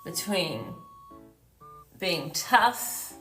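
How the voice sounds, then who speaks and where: A woman doing an impression of a poised woman politician, speaking slowly and deliberately with drawn-out phrases. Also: echoey room, faint music behind, heavily acted, low-quality recording. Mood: measured. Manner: slow, drawn-out, lively pitch.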